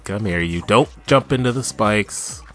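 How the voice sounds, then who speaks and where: A man doing let's play commentary, swinging between chatty self-talk and loud, swearing outbursts at the game. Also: lowish voice, a little slow, soft background music. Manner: excitable, yelling and swearing at the game.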